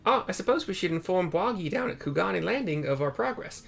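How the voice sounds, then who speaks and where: An eager young woman reporter with a raised, upbeat voice, put on by a man reading game dialogue. She speaks louder and brighter than an ordinary reading voice. Her lines carry a keen, admiring energy. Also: high voice, lively intonation, a little fast, creaky, pitched above the performer's own voice, full character voice.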